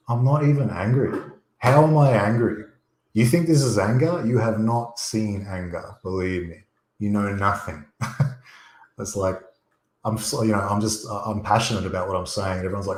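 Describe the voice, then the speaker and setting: Deep-voiced blunt man, roomy sound. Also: normal speed, a little mellow. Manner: emphatic, rambling, blunt. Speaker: guest. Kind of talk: casual livestream chat. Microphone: USB desktop microphone.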